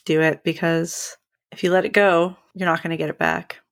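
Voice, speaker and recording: Gravelly-voiced woman, sick and congested. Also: fairly low pitch, little pitch movement, moderate pace. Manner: laughs often, teasing banter. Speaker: podcast co-host. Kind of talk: casual chat.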